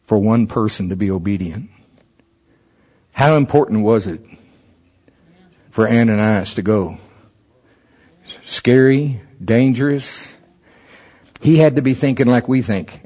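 A man's voice: fairly low pitch, a little slow, long pauses, warm tone. A man preaching a sermon at a church service, conversational and humorous, asking many rhetorical questions.

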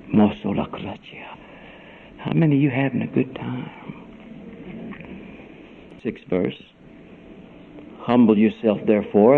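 A man preaching a sermon, swinging between loud cries and hushed whispers and calling the congregation "brother". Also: mid-range voice. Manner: dramatic swings from shouts to whispers. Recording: tinny phone-like radio broadcast.

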